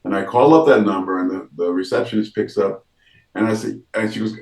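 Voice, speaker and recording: A man, an actor, telling an animated story about his start in a casual interview, acting out the voices of the people in it. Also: fairly low pitch, fast talker, roomy sound, recorded from a distance, low-quality recording. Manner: animated storyteller, acts out quoted dialogue, frequent restarts.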